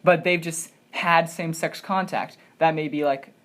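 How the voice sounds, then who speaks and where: A woman's voice: deep voice, fairly even intonation, normal speed. A woman hosting a student podcast, chatting casually and joking in a rambling, provoking way. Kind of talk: casual chat.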